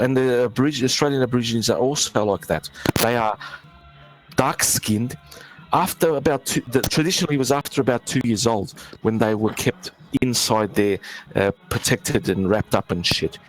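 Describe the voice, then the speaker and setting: A man's voice: mid-range voice, normal speed, faint music behind, low-quality recording. A man talking casually in a group discussion, rambling and stumbling over his words.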